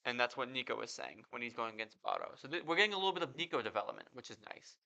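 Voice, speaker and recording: A man's voice: mid-range voice, lively intonation, racing, creaky, bright, forceful tone. A man hosting a podcast, reading out translated comic panels and then giving his casual reaction to them. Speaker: podcast host. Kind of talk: casual manga reaction commentary.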